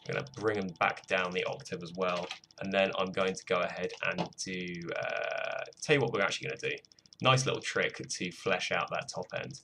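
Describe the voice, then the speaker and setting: A man's voice: low-pitched, steady tone, moderate pace, vocal fry, bright, forceful tone, slight background noise. A British man walking through his music production on a live stream, casual and self-mocking, swearing freely. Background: faint music playing.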